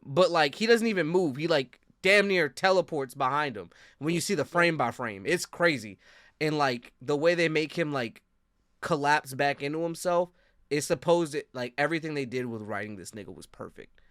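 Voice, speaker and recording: A man's voice: fairly high pitch, moderate pace, no echo, studio quality. Laid-back man hosting a podcast. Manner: loose, rambling, heavy use of "like"; animated, teasing coaching. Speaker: podcast host. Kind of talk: casual chat.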